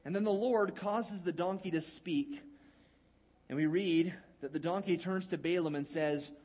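A man's voice: sits high, measured pace, a little mellow. A male pastor preaching a sermon in a conversational, folksy way, acting out Bible scenes.

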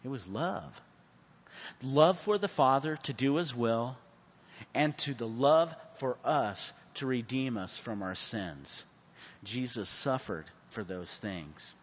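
A man teaching a Bible class in a church hall. He preaches with sudden swings from hushed to loud and asks the class questions, calling on people by name. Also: medium pitch, expressive, slow pace, breathy edge. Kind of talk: Bible study sermon. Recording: muffled sound with a long hall reverb.

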